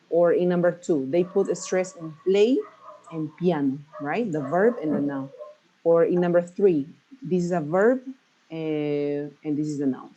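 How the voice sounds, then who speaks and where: Mellow low-voiced woman teaching English. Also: low-quality recording. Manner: patient, checks in often with "right?". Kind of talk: explaining grammar in a class.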